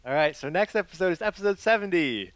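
A man's voice: high-pitched, animated, quick pace, a bit bright, no room sound. A man co-hosting a casual movie podcast, easygoing and thinking aloud. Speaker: podcast co-host.

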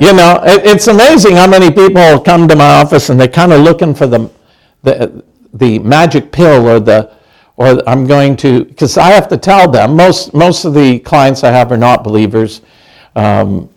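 A man's voice: mid-range voice, rough recording. A middle-aged male pastor preaching a conversational sermon, chatty, with many restarts and questions to the congregation.

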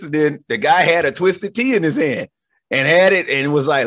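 A man co-hosting a podcast, telling stories in an animated, slangy, casual way. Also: on the high side, moderate pace. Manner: animated storytelling with slangy asides. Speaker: podcast co-host.

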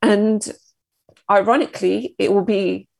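Gravelly-voiced woman sharing her story. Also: mid-range voice, fairly even intonation, darkish tone, no room sound. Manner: emotional, halting, reflective. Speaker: guest. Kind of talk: candid personal storytelling.

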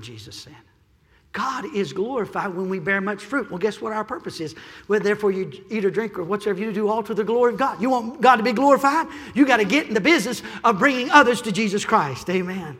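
Preaching man in a reverberant church. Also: sits high. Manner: preaching, rising to shouts, repeats phrases. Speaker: pastor. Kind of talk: sermon. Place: church sanctuary.

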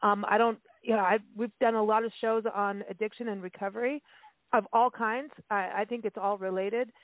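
A woman's voice: medium pitch, steady tone, moderate pace, no echo. Chatty woman host on a phone line. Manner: chatty, rambling, laughs often. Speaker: radio show co-host. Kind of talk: casual interview chat. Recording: tinny phone-line sound.

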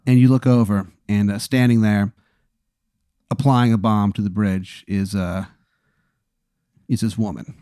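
A man's voice: lowish voice, fairly even intonation, measured pace, pauses often, mellow, clean tone, no echo, studio quality. A man hosting a podcast, improvising a comedic hypothetical story in a rambling way. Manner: rambling, full of fillers and restarts. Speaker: podcast host posing a hypothetical.

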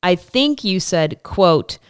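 A young woman co-hosting a podcast, telling a story in a relaxed, casual way and acting out the lines she quotes. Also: lowish voice, slow pace, clean tone, no echo, studio quality. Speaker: podcast co-host.

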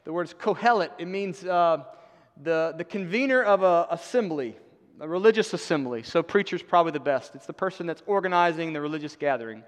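A man with a fairly high voice delivers a sermon in a church. His talk is conversational and emphatic, with dry asides, and a long reverb trails his words. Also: lively intonation, a little fast. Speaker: pastor. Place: church sanctuary.

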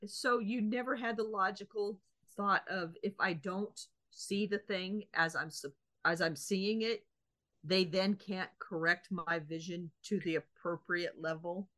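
A woman with a medium-pitched voice and a measured pace co-hosts a podcast. In casual chat she tells an animated anecdote, playing both sides of the dialogue herself.

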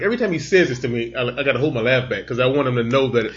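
A man's voice: mid-range voice, expressive, rapid-fire. A man around forty in casual chat, telling stories animatedly and acting out his kids' lines. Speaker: podcast co-host. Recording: dull lo-fi sound.

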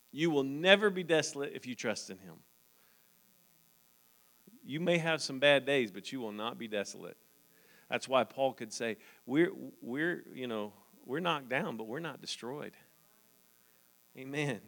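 A man's voice: medium pitch, unhurried, vocal fry, a bit bright. A man preaching a sermon as pastor, reading scripture aloud and then talking earnestly to the congregation, often asking "Amen?". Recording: long hall reverb.

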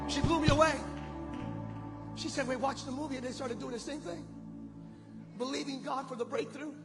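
A man preaching a sermon as pastor, telling a story with animated quotes and building to loud shouted calls to the congregation. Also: very high-pitched, normal speed. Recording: long hall reverb with music behind.

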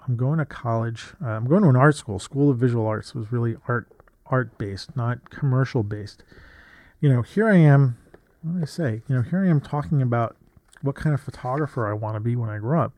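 Rambling middle-aged man, mellow and dry. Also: mid-range voice, no room sound. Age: 50s. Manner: rambling, with frequent restarts and asides. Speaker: photographer. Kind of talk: reflective casual monologue reading his old journal.

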